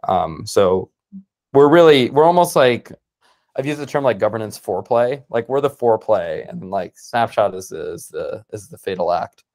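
A man with a fairly low voice talks through his ideas on a video call. His delivery is casual and enthusiastic, packed with "like" and restarts. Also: lively intonation, darkish tone. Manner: fast, filler-heavy, enthusiastic with frequent "like". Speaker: startup founder, guest speaker. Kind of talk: casual conversational explanation.

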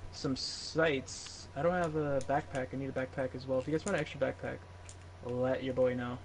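A man's voice: mid-range voice, fairly even intonation, normal speed, a little hiss or hum. A laid-back man chatting with friends during an online game, giving tips and asking for gear. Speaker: gamer. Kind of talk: casual game chat.

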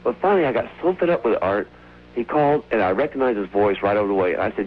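Excited man calling in over a tinny phone line. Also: lowish voice, rapid-fire. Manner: excited, rambling storyteller. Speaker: caller. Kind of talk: casual phone-in storytelling. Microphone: telephone.

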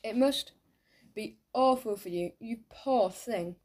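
A woman voicing an old school dinner lady who shifts from bossy shouts to sugary kindness. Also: fairly high pitch, slow pace. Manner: loud bossy calls, then sugary kindness.

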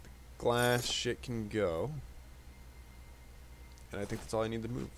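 A man's voice: on the low side, fairly even intonation, a little slow, slight background noise. A man hosting a casual let's play, commenting loosely and swearing freely as he plays. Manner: loose, profane, chatty.

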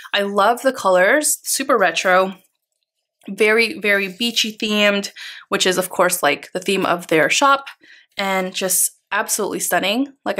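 Woman, planner vlogger, casual haul chat, gushing, filler-heavy, middle pitch. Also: a bit bright. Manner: chatty and gushing, many fillers.

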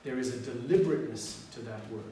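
A man preaching a sermon as pastor, swinging between loud exhortation and quiet, prayerful lines. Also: medium pitch, quick pace, slight background noise. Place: church sanctuary. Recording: echoey hall, mic from far off.

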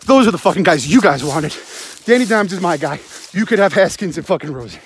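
Breathless young male fan, raspy and high-voiced, swearing through a rambling phone rant on the run. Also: expressive, brisk. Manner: rambling, sarcastic, heavy swearing. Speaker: sports podcast host. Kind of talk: profane postgame rant while jogging. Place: outdoors at night, running in the cold.

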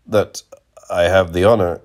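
A man's voice: lowish voice, big pitch swings, unhurried, a little mellow. A man voicing a servile, hesitant male innkeeper who gropes for his words, read as part of a storybook narration. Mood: fawning.

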